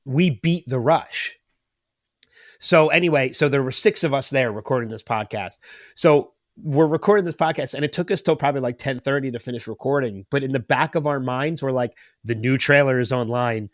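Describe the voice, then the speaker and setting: A man's voice: medium pitch, normal speed, no echo, clean studio sound. Rambling man in his late thirties. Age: 30s. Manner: rambling storyteller, emotional. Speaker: podcast host. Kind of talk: casual chat.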